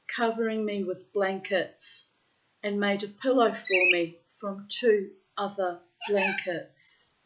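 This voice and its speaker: A woman's voice: medium pitch, background noise. A middle-aged woman with a frank, profane manner, reading from her diary and chatting casually between entries. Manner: frank and profane, breaks into loud laughter. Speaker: diarist reading her journal aloud. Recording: dull, lo-fi sound.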